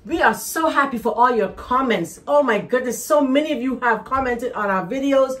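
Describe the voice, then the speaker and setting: A woman's voice: sits high, lively intonation, normal speed, fairly bright tone. A Bahamian woman hosting a cooking show from her kitchen, chatting in a bubbly, teasing way. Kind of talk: lively cooking show chat. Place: home kitchen.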